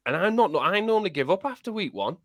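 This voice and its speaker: A man's voice: high-pitched, big pitch swings, quick pace, a bit bright, no room sound. A man, a podcast co-host telling a story in casual chat, laughing and swearing as he goes.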